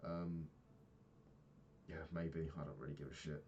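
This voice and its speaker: A man's voice: a bass voice, level tone, unhurried, a little mellow, breathy edge, lo-fi sound. A young man in his twenties talking frankly in a rambling daily vlog, swearing casually and filling gaps with ums. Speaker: vlogger.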